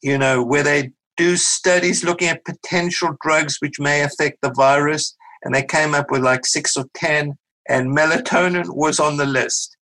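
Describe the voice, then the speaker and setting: South African doctor explaining calmly. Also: male voice, a little high, rough recording. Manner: measured, explanatory, with small restarts. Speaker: guest physician. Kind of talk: podcast interview, explaining.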